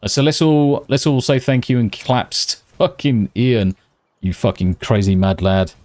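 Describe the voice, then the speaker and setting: A British man streaming live from home at night, chatting casually with viewers, swearing constantly and talking slightly quietly. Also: medium pitch, fairly even intonation, unhurried, dry recording.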